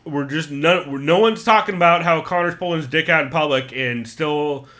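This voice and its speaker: A man co-hosting a podcast in casual, animated chat, cursing freely and jumping in with questions. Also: on the high side. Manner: animated, swears freely, quick interjections. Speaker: podcast co-host.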